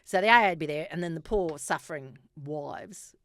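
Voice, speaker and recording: A woman's voice: low voice, a little fast, fairly bright tone, no echo. A middle-aged woman, a guest telling frank, earthy stories in a casual interview and acting out the people she quotes. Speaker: guest, former police officer.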